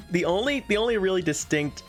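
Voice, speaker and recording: A man chatting casually on a live stream as he reads a visual novel, rambling to his viewers. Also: high voice. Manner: rambling, chatty asides to viewers, frequent laughs.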